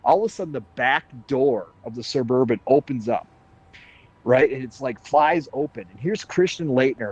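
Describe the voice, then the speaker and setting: A man telling a story in animated, casual chat, swearing and laughing as he goes. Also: mid-range voice, poor audio. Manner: excitable, swears and laughs a lot. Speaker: podcast panelist.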